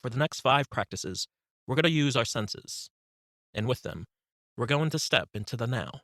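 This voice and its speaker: Bright-voiced man guiding a meditation. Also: medium pitch, no room sound, clean studio sound. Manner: calm, instructive, slow cues. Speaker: narrator and meditation guide. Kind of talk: guided meditation audiobook narration.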